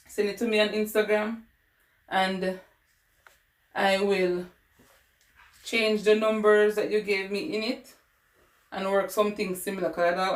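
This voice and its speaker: A woman with a Caribbean English accent tutors math on a casual livestream, her mid-range voice sounding roomy. She's chatty, talking to viewers and answering chat as she works through problems.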